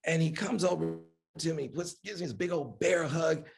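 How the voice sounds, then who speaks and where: Gravelly and fairly high-pitched, his voice moves at a moderate pace. He's a media executive guest on an event hall stage, animatedly recounting stories and performing other people's quoted voices with emphatic energy.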